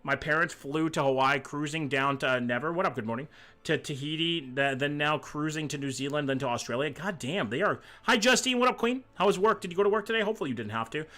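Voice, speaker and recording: A man with a somewhat high, sharp-toned voice talks fast during a geography game stream. He's a little sick but keeps chatting casually, reading chat out loud and cursing without holding back.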